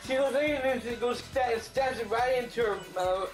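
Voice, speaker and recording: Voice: medium pitch, moderate pace. A movie reviewer recapping a film in casual, profane speech, full of restarts and acted-out character lines. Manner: rambling, profane retelling with many restarts; acts out characters' lines in a raised voice. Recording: roomy echo, faint music behind.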